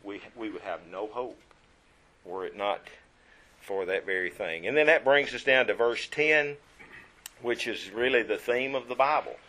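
Man preaching in church, medium-pitched voice, reads verses aloud, asks the crowd questions, goes quiet then punchy. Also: unhurried. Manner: reads scripture aloud and quizzes the congregation; swings from hushed to emphatic. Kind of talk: sermon.

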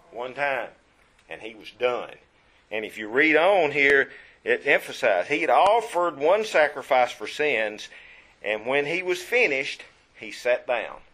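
A man preaching a sermon in church, his voice sitting at a middling pitch. He reads scripture aloud and quizzes the listeners. He drops to a hush, then rises to strong, stressed lines. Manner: swings from hushed to emphatic.

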